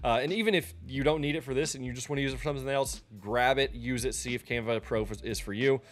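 A man talking through a software tutorial in a casual, loose way, often pausing with ums and restarting his sentences. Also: mid-range voice. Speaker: streamer teaching a software tutorial. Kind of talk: casual screen-recorded tutorial.

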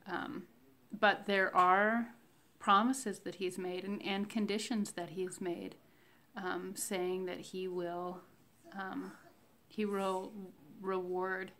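A woman talking slowly and reflectively in a casual faith diary, with many fillers and pauses. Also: mid-range voice, flat delivery, fairly bright tone. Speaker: vlogger sharing a fasting diary.

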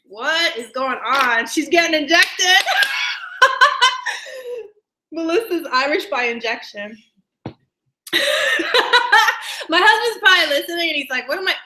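Casting note: a woman with a bright, sharp voice, bubbly and giggly, greeting her live viewers. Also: sits high, lively intonation, fairly quick, few pauses. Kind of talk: casual live-stream chat. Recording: echoey room.

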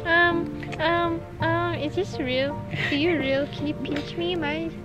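A woman vlogging casually, giggly and excitable, reading aloud a little haltingly. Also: very high-pitched, over loud music. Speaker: vlogger, birthday girl. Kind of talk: casual vlog chat.

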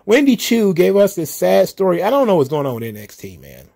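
A man's voice: high voice, wildly swooping pitch, a little fast, creaky, darkish tone, slightly rough. A man hosting a solo recap show, ranting in an exasperated, profane, casual way. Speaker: wrestling commentary host.

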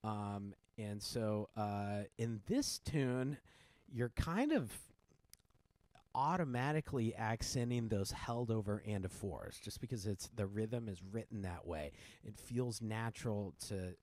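A man explaining his piano piece in a casual tutorial, relaxed, with many fillers and restarts, counting beats aloud. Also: fairly low pitch, takes it slowly, no echo. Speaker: piano teacher and composer.

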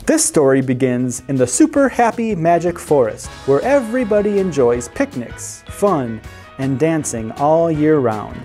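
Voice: medium pitch, very animated, a little slow, mellow, faint music behind. A library storyteller reading picture books aloud to children, who asks the listeners questions and explains words along the way.

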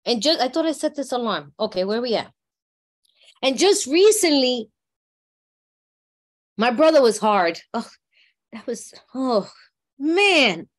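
A woman's voice: high voice, sing-song, a little slow, long pauses. A middle-aged woman from New York sharing a personal recovery story in a heartfelt, conversational way, often checking in with her listeners. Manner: heartfelt, conversational, often asks "you know what I mean". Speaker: workshop speaker.

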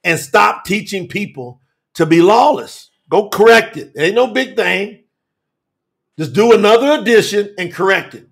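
A man preaching an emphatic, folksy sermon in a high, gravelly voice. He talks straight at his listeners, hammers points over and over, and sinks to a low murmur for stress. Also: animated, moderate pace, fairly bright tone. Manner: emphatic, repetitive, folksy and direct, with sudden drops to a low murmur. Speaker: preacher teaching scripture. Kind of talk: fiery sermon to a live stream audience.

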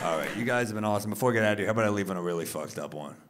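A man in his thirties doing stand-up crowd work on a club stage, teasing audience members with quick, profane banter. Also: lowish voice, lively intonation, heavy background noise. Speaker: stand-up comedian. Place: large comedy club stage before a live audience. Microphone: handheld stage mic. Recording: live club recording with crowd laughter.

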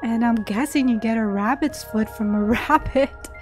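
Eine Frau, die locker und aufgeregt ein Spiel kommentiert, oft nach Luft schnappt und kichert. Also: female voice, on the high side, normal speed, poor audio. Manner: excitable, gasping and giggling often. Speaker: gaming channel host. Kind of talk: casual gameplay commentary. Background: soft game music.

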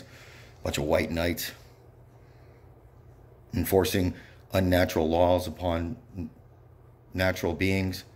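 Low voiced guy going off, angry and bitter, swearing a lot, muttering yep yep. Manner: bitter, profane, ranting with repeated yeps. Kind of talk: angry rambling monologue.

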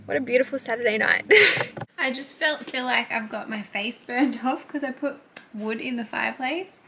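A young woman in her twenties chatting casually to her camera for a vlog, giggly and quick to swear. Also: fairly high pitch, bright, forceful tone, slight background noise. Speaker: vlogger.

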